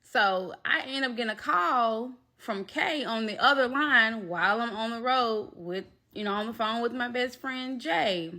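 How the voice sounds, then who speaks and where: A woman telling a storytime vlog, animated and talking straight to her viewers. Her voice is bright and forward. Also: fairly high pitch, measured pace, hardly any pauses. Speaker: vlogger.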